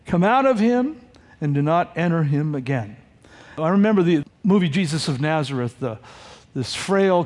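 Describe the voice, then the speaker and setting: A man preaching a sermon, teaching verse by verse and acting out the quoted lines. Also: on the high side. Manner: animated, acts out the quoted lines. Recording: long hall reverb.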